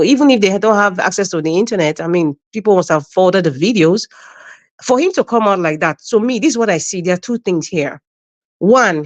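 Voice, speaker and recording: A Nigerian woman, a guest on a live-stream panel, giving emphatic and mocking political commentary and repeating her points. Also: fairly low pitch.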